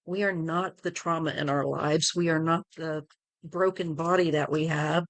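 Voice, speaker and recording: Middle-aged woman, low voice, rambling gentle chat, dry close sound, live tarot stream host. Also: steady tone, moderate pace, no echo. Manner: rambling, gentle, chatty with many fillers.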